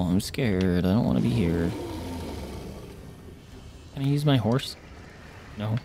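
A man's voice: lowish voice, animated, takes it slowly, long pauses, warm tone, slight background noise. A man streaming a video game, commenting live, shifting from muttered asides to startled yelps and swearing. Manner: jittery, swings between mumbling and startled yelps. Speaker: gaming streamer.

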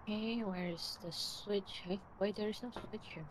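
A woman's voice: medium pitch, fairly even intonation, unhurried. A woman streaming a ghost-hunting game, calling out to the ghost, humming to herself and chatting in simple phrasing. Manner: calls out to the ghost loudly, hums, simple phrasing. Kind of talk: casual gaming chat. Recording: noticeable background noise.

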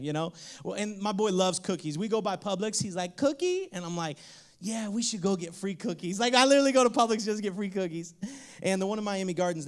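A young man preaching with a bright, high-pitched voice. He tells stories in an animated, playful way, slipping into character voices for a moment. He is speaking to a congregation in a church. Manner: animated, playful, acts out child and God voices. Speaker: pastor. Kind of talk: lively sermon with storytelling.

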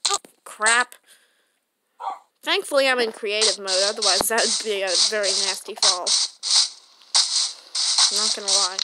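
A gaming channel host talks casually through a game as she plays, rambling and chatting to herself. Her voice is mid-range, a little slow, and broken by frequent pauses. Loud background noise fills the recording.

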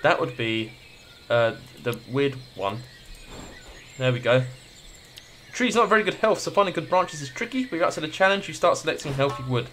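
A man's voice: fairly high pitch, lively intonation, normal speed, a bit bright, slight background noise. A man doing casual gameplay commentary, swearing freely and reading the game's text aloud. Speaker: gaming video creator.

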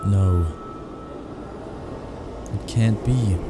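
A young man giving casual, excitable gameplay commentary as a streamer, swearing often. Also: on the low side, drawn-out words, over loud music. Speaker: gaming streamer.

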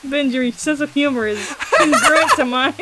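High-pitched teasing woman gaming. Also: wildly swooping pitch, moderate pace, heavy background noise. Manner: teasing, playful, giggly. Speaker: let's play co-host. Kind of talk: casual gaming chat.

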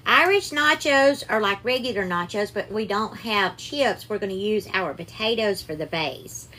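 A woman's voice: mid-range voice, expressive, moderate pace, sharp tone. A woman with a Southern US accent hosts a casual live cooking stream, chatting and greeting viewers by name with sweetheart and darling. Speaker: cooking livestream host.

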